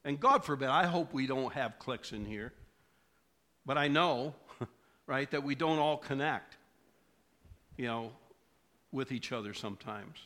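A man's voice: mid-range voice, a little slow, long pauses, pushed and bright. A middle-aged male preacher telling a personal story in a sermon, asking the congregation questions along the way. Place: church.

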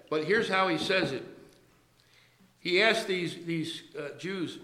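A man preaching a sermon to his church, halting and restarting his words, then pressing his points with emphasis. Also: high-pitched, sharp tone, echoey room, poor audio. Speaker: pastor.

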